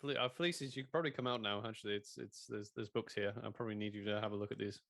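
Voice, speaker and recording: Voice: mid-range voice, steady tone, very fast, fairly bright tone, dry recording, clean studio sound. A player in a tabletop game, voicing a flustered, stammering character.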